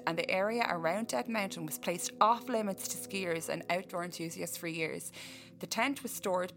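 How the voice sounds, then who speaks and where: A woman's voice: medium pitch, a bit bright. Irish woman co-host, casual storyteller, reads notes and riffs, faint music behind. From Ireland. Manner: reads case notes then riffs with jokes. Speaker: podcast co-host.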